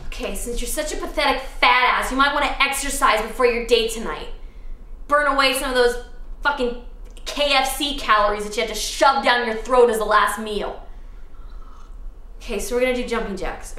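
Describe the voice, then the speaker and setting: A woman's voice: a little high, a little fast, bright, forceful tone, reverberant. An actress playing a bossy, crude young woman who drills herself in a comedy short film. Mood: pushy pep talk.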